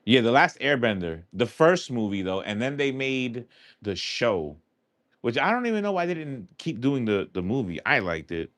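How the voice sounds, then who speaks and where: Hosting a livestream, this New York-accented man talks with his viewers in a loose, rambling way, reading their questions and answering them aloud. His mid-range voice is very animated and a bit bright, his pace moderate, and there's no echo.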